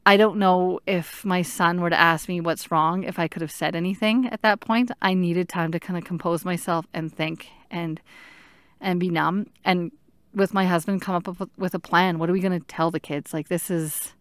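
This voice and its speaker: A woman in her thirties telling her own story in an earnest, halting way, stopping to search for words. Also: fairly low pitch, fairly even intonation, clear, resonant tone, dry recording, studio quality. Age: 30s. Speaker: patient sharing her story. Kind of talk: personal storytelling.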